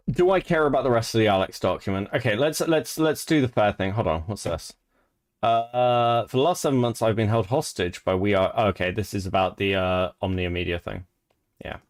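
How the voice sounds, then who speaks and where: A man hosting casual commentary, blunt and sarcastic, swearing freely. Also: lowish voice. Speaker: commentary host.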